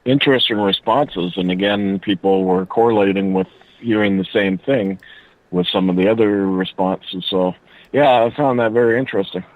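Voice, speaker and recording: A man's voice: lowish voice, moderate pace. A man on the radio show giving brief, interested responses. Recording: dry tinny phone line.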